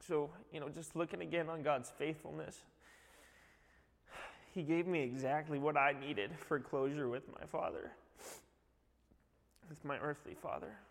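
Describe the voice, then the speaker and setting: Guy telling his testimony at church, gravelly voice, lots of uh and you know, echoey hall. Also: fairly high pitch, fairly even intonation, a little slow, long pauses. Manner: rambling, heartfelt storytelling with many fillers. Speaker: youth director.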